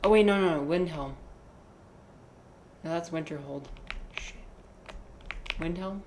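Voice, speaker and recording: A woman's voice: sits low, measured pace, roomy sound, background noise. A woman live-streaming a video game, chatting in a rambling, playful, self-mocking way. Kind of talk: casual live gaming commentary.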